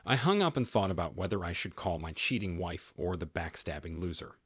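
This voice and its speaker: Husky low-voiced man narrating a story. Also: brisk, dry recording, clean studio sound. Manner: deadpan, matter-of-fact. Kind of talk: first-person story narration.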